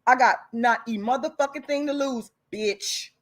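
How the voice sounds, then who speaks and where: This channel host, a woman with a high voice speaking at normal speed, delivers a furious, profanity-laced rant to her viewers. Blunt and defiant, she leans on angry emphasis and keeps slinging the same insults.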